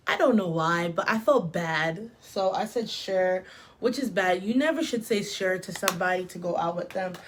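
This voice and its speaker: Young woman, beauty vlogger, casual storytime, slow delivery, mid pitch, chatty, lots of "like". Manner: chatty, filler-heavy with frequent "like" and "literally". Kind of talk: casual storytime while doing makeup.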